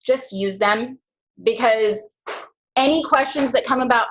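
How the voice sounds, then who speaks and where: A young woman talks her team through a casual motivational call, with a slightly higher voice. She is chatty and animated, drops slang and jumps into mock voices as she goes. She sounds like she is speaking over a video call. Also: unhurried, slight background noise, poor audio. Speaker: team leader on a coaching call.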